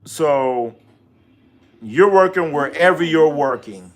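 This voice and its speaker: Dude on a sports stream, kinda high voice, slow and jokey, keeps asking chat stuff. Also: male voice. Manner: animated, joking, rhetorical questions. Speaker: sports livestream host. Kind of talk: casual livestream chat reacting to viewers.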